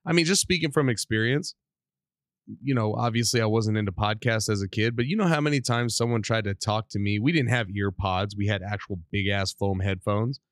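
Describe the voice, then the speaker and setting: A middle-aged man hosting a casual solo podcast, rambling and animated while under the weather with a cough. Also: fairly low pitch, fairly quick, no echo, studio quality. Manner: rambling, animated, self-deprecating. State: sick with a cough. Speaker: podcast host.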